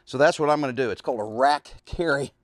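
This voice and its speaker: A man's voice: mid-range voice, quick pace, no echo. Out-of-breath man demonstrating exercises. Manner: talks while lifting, grunting and sighing with effort. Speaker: fitness coach. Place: outdoors in a backyard.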